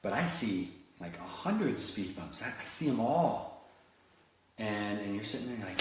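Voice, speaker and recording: A man's voice: mid-range voice, lively intonation, normal speed, slight background noise. A man from Florida giving a motivational talk, telling stories animatedly with many restarts. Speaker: motivational speaker. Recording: very echoey room.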